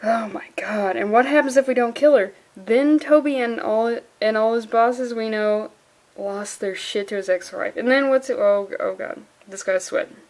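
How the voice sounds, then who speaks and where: A woman's voice: a little high, normal speed, a little mellow, poor audio. A woman reading a comic aloud for laughs, with sarcastic, incredulous running commentary, often laughing through her words. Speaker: comic reviewer. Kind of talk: comedic comic-book reading.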